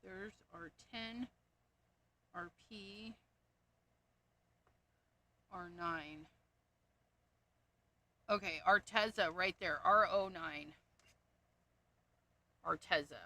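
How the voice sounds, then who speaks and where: Woman, crafting livestream host, slow unhurried talk, bright edge, muttering to herself. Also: lowish voice. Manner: muttering, reading off codes to herself; amused at her own jokes. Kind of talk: casual livestream chat while sorting markers.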